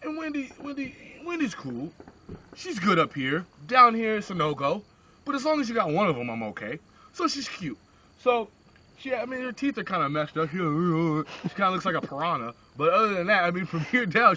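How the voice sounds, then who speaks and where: A man's voice: sits high, a little hiss or hum. A young man telling a rambling, crude shaggy-dog story with lots of asides, on a lo-fi phone recording. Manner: animated, crude, digressive.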